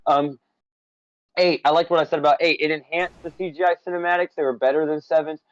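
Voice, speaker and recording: A man's voice: a little high, steady tone, fast talker, no room sound, lo-fi sound. A man co-hosting a casual game discussion, opinionated and running through a list of points with playful asides. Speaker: podcast co-host. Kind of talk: casual conversation about games.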